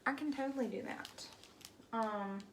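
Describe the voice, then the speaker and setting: A chatty woman with an Alabama Southern accent talks to her viewers in a relaxed, folksy way as she paints. Her voice sits on the higher side, and it rings around an echoey room. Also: unhurried, a little hiss or hum. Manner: chatty and folksy, answers viewer comments aloud. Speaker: craft livestream host. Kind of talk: casual livestream chat while painting.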